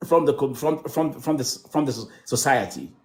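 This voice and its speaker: A man's voice: mid-range voice, brisk, darkish tone. A man from Kenya hosting a casual podcast interview, playful and laughing often, stumbling over his questions. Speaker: podcast host. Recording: echoey room.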